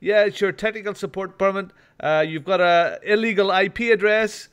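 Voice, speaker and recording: A man mimicking a call-center scammer who keeps dodging questions, in a raised, halting phone-script voice. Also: high-pitched, fairly even intonation, fairly bright tone, smooth, voice pushed up. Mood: evasive.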